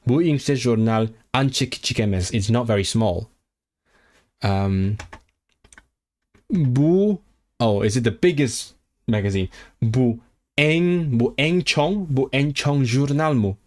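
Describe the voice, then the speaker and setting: Speaking slowly with long pauses, this language-learning streamer has an animated, darkish mid-range voice. He practices casually on his livestream, thinking out loud with fillers and restarts and repeating fresh foreign phrases with care.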